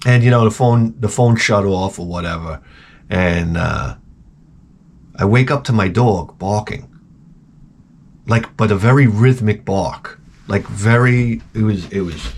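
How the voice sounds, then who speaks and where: A middle-aged man hosting a casual show, telling rambling, profane stories and jumping into loud, high-pitched exclamations when he quotes himself. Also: animated, measured pace, pauses often, a little hiss or hum. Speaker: host. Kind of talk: casual storytelling rant.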